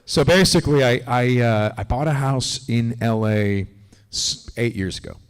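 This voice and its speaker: A man's voice: medium pitch, normal speed, clear, resonant tone. Guy on a con panel rambling through dog stories, big hall echo. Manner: animated, rambling anecdotes with restarts. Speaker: convention panel guest. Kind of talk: casual storytelling on a live panel. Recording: long hall reverb.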